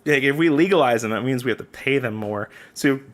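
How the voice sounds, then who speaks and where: A man's voice: medium pitch, fairly quick. A man co-hosting a podcast in casual political chat, joking and laughing often. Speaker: podcast co-host.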